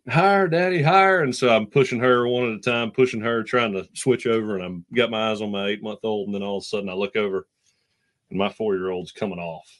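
Young male co-host with a lowish voice. Rambling, heartfelt storyteller who restarts his sentences a lot. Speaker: podcast co-host. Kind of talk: casual chat, storytelling.

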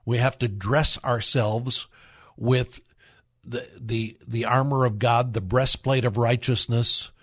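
A man's voice: mid-range voice, slightly rough. A middle-aged man hosting a radio talk, earnestly urging parents, repeating himself and breaking into acted quotes. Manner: earnest, exhorting, acts out quoted voices. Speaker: radio host.

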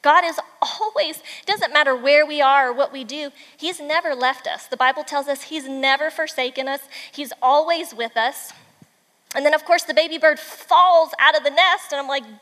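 A woman with a high voice gives a devotional talk, animated and emphatic as she tells the story. A long reverb trails her words. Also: normal speed. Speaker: mother and devotional speaker. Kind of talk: devotional talk retelling a children's book.

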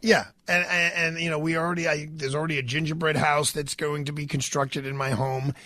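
Rambling New York radio host, man, congested with a cold, raised pitch, dry studio sound. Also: little pitch movement, brisk, pushed and bright, dry recording. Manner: rambling, stammering, many fillers. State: stuffed up with a cold. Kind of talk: casual radio talk.

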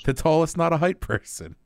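A man's voice: on the high side, big pitch swings, moderate pace, creaky, dry recording, clean studio sound. A man co-hosting a sports talk show, laid-back and laughing along with the host. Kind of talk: casual sports chat.

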